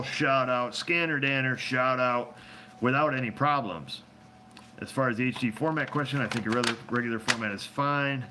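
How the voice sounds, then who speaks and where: A man's voice: mid-range voice, bright, forceful tone, a little hiss or hum. A man hosting a casual live chat, answering viewer questions in a rambling, joking way and laughing often, recorded on a phone.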